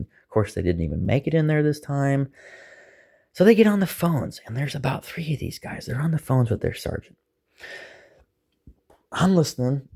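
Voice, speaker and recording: A man casually telling a long personal story, animated and acting out the voices of others. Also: low-pitched, vocal fry, husky. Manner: animated, acts out quoted voices, chuckles. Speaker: storyteller recounting an arrest.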